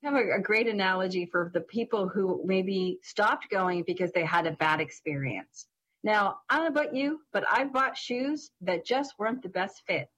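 Animated woman telling a funny story. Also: mid-range voice, moderate pace, a little hiss or hum, low-quality recording. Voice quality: distinctive voice. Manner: animated, laughs through her story. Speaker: co-host. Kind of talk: casual storytelling chat.

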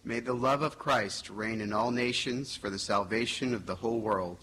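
A man reads the intercessions at Mass in a steady, formal voice. Faint room noise sits behind him in the church. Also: fairly low pitch, normal speed, low-quality recording. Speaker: lector reading intercessions. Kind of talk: reading prayers of the faithful.

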